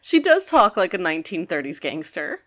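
A woman's voice: lowish voice, big pitch swings, moderate pace, a bit bright. A woman co-hosting a podcast, joking and chatting enthusiastically while recapping a cartoon episode. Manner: playful, jokey, enthusiastic asides. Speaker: podcast co-host.

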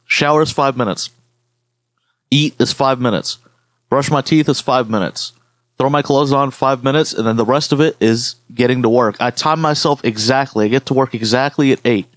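A man's voice: medium pitch, moderate pace, no room sound. A man co-hosting a podcast, telling rambling stories in casual chat with lots of swearing. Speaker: podcast co-host.

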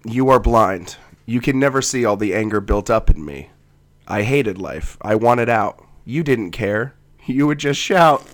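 A man's voice: on the low side, lively intonation, a little slow. A man co-hosting a casual comedy podcast, wry and laid-back, with a lingering cough. He also reads a poem aloud. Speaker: podcast co-host.

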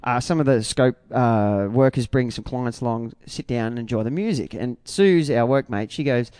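An Australian man in a band, talking in a rambling, excitable way with many restarts in a casual interview. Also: medium pitch, moderate pace, few pauses, clear, resonant tone, no room sound, studio quality. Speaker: band member.

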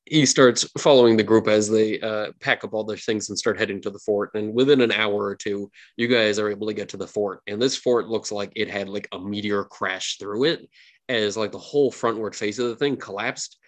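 Low-voiced man narrating as game master. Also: fairly even intonation, moderate pace. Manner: loose narration with many fillers.

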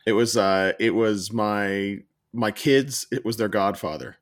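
A man co-hosting a podcast, telling an animated, rambling story in casual chat. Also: lowish voice, measured pace, heavy background noise. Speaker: podcast co-host.

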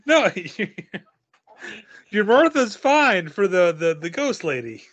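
A man's voice: high voice, very animated, slow pace, a bit bright, lo-fi sound. A man in casual chat with friends, teasing and handing out roles. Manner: bossy, teasing, giving directions.

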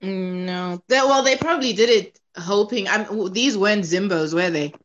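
A woman's voice: mid-range voice, normal speed. A young woman co-hosting a podcast, skeptical and full of fillers in casual chat. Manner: skeptical, sighing, filler-heavy. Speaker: podcast co-host. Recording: slightly muffled podcast audio.

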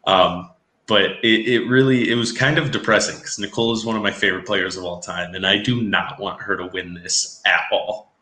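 Bright-voiced man in an echoey room. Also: fairly low pitch, moderate pace. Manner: animated, opinionated, mocks quotes. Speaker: podcast co-host. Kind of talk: casual reality-TV discussion.

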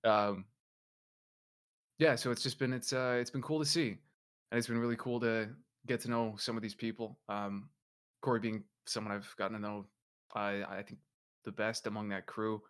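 A man, a voice actor guest, chatting in a relaxed, friendly way with frequent ums. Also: lowish voice, moderate pace, clear, resonant tone. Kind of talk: casual group video-call chat.

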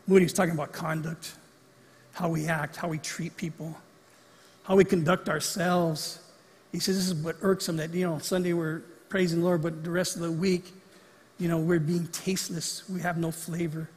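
A man with a high, husky voice preaches a sermon in a conversational way and slips in acted-out quotes. His voice carries through a church sanctuary with a long reverb of a large hall. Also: little pitch movement, moderate pace. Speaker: pastor.

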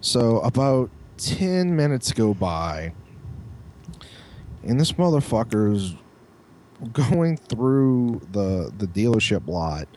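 A man co-hosting a podcast, telling a profane, animated story with lots of restarts. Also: mid-range voice, slow, long pauses, a little hiss or hum. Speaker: podcast co-host. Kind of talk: casual storytelling chat.

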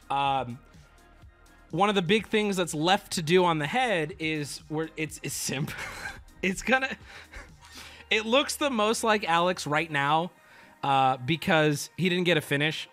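Lively, bright-voiced male streamer. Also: high voice. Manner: animated, profane, acts out quoted people. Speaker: livestreamer. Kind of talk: casual storytelling to a stream audience.

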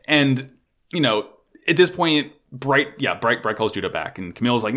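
A man excitedly recapping an anime episode in casual chat, swearing often and gushing like a fan. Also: medium pitch, normal speed.

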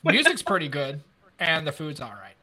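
A man in his fifties, a former cop, telling stories in casual chat, animated and swearing freely. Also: on the high side, moderate pace. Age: 50s. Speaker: former police officer.

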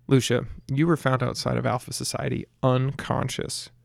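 An anxious young officer, as a narrator puts him on speaks in a halting, awkward way. The voice is gravelly and heard dry and close. It is a storybook reading. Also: male voice, mid-range voice, flat delivery, dry recording.

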